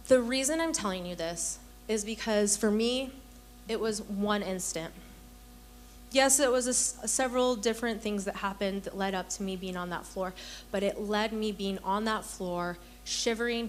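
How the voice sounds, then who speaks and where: A medium-pitched female voice comes through with a little hiss or hum. She's a young adult woman giving an earnest testimony at a women's church gathering, storytelling and acting out the voices she quotes.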